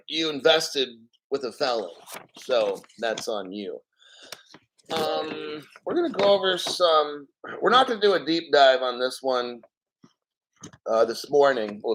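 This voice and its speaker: A man hosting a casual crypto livestream, reading chat aloud and rambling, swearing casually and often clearing his throat. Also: mid-range voice, a bit bright.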